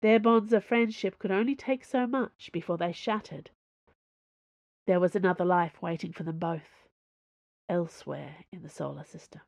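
Woman narrator, audiobook, measured, expressive, low-pitched. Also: gravelly, no echo. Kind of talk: scripted narration.

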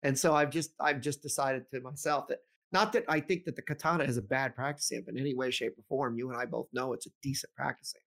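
A middle-aged man chatting casually as a podcast co-host. His talk rambles, full of fillers, restarts and asides. His voice sits at an ordinary middle pitch. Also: fairly even intonation, fast talker, vocal fry, fairly bright tone. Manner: rambling, many ums and restarts, laughs often. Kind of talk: casual chat.

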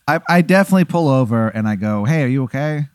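A man with an animated, bouncing pitch plays along with a comic hypothetical, laughing easily and answering in earnest. His voice sounds dry and close, recorded right at the mic. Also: smooth, no room sound. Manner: playful, quick to laugh, answers as if really in the scenario. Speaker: podcast host, comedy club owner. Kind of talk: casual comedic chat.

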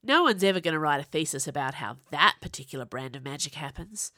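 Woman author narrating her novelette, wry and lively, lowish voice, close dry podcast mic. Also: fast, few pauses, no room sound. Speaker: author reading her own fiction. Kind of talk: audiobook story narration.

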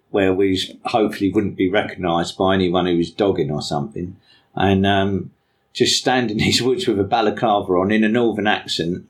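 Lower-voiced chatty man. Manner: chatty, self-mocking. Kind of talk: casual storytelling.

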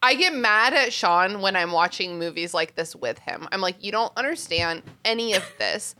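A woman's voice: medium pitch, expressive, moderate pace, pushed and bright. A woman hosting a casual podcast chat, frank and laughing, swearing playfully. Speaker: podcast host.

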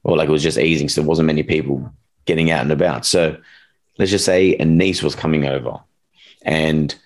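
A man's voice: a bass voice, steady tone, brisk. A young man, a dog trainer, talking casually and rambling, acting out quotes with funny voices. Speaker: dog trainer, podcast co-host. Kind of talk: casual chat.

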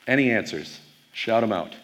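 A man's voice: lowish voice, expressive, normal speed, a bit bright. A man from Wisconsin, a pastor giving a keynote talk to a youth audience, telling stories in a loose, conversational way with plenty of fillers. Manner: conversational storytelling with frequent fillers.

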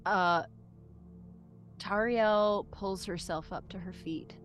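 A woman's voice: mid-range voice, fairly even intonation, slow pace, fairly bright tone, soft background music. A woman playing a tabletop game, chatty and self-deprecating as she describes her character's moves. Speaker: player. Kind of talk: casual play at a tabletop game.

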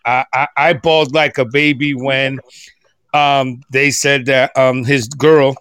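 Chatting casually and emotionally as a podcast guest, a middle-aged man keeps stumbling, restarting and filling pauses. His mid-range voice is flat in delivery, a bit bright and clean in tone, with no room sound.

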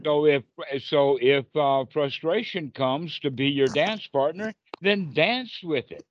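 A man's voice: fairly high pitch, takes it slowly, a little hiss or hum. A man teaching Buddhist meditation on a group video call, playful and encouraging as he acts out inner dialogue. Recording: dull lo-fi call audio.

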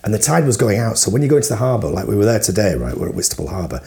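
A man's voice: on the low side, sing-song, very fast, vocal fry, darkish tone. A man with a Yorkshire accent in casual, sweary banter, playfully mock-aggressive and storytelling. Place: outdoors by a harbour.

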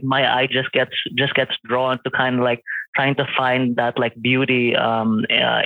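Over a tinny call line with a dry sound, a late-twenties male photographer talks in a mid-range voice. It's a relaxed interview chat, and he keeps restarting sentences and dropping in fillers.

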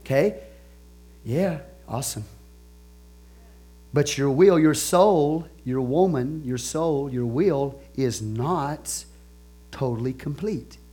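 A man preaching a sermon as pastor, animated, swinging between soft asides and loud exclamations, stretching key phrases slowly. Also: medium pitch, husky. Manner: laughs and asks the congregation questions.

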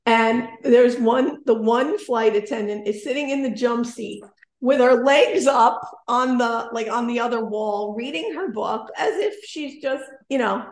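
A woman in her forties telling a personal story in casual conversation, animated and self-deprecating. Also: fairly high pitch, unhurried, roomy sound.

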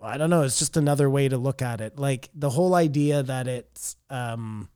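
Guy on a podcast rambling about stuff, mellow dark voice, dry close sound. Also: mid-range voice, normal speed, clear, resonant tone, no room sound. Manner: rambling, trails off and restarts mid-thought. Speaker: podcast co-host. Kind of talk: casual chat.

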